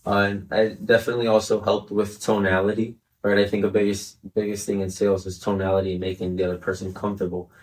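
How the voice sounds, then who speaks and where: Lower-voiced young man, earnest and chatty. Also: little pitch movement, quick pace, hardly any pauses, distant mic. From Chicago area, United States. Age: 20s. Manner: earnest, fills speech with "right?" and "you know". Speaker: interview guest. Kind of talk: casual podcast interview.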